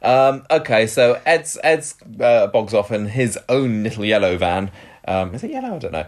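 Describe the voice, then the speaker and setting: A man's voice: lowish voice, big pitch swings, moderate pace. Wry rambling man. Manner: rambling, wry, hesitant with many fillers. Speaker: podcast co-host recapping a soap. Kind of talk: casual chat.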